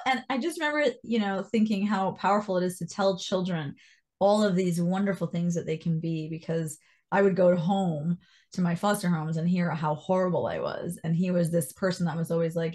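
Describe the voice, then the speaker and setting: Telling her life story in an interview, this Canadian guest in her thirties has a fairly low pitch and talks a little fast. Her voice leaps lively whenever she quotes people, and she stays animated throughout.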